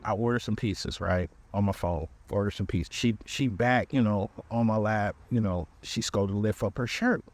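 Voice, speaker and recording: A man's voice: on the low side, moderate pace, hardly any pauses. Man telling a funny dating story. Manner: animated storyteller, talks right to listeners. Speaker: podcast host. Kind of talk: comedic dating story time.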